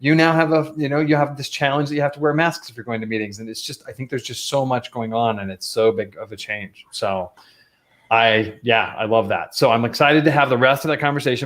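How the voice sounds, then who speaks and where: A man's voice: medium pitch, a little fast, a bit bright. Male host, chatty and rambling, mid-range voice. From Colorado, US. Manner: rambling, conversational, many restarts. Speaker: podcast host. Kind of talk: casual talk with ad segment.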